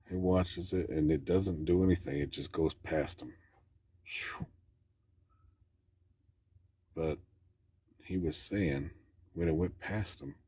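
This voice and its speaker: Very deep, husky-voiced man telling a story. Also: a little mellow, dry recording. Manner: plainspoken, rambling, folksy grammar. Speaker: caller. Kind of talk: casual storytelling.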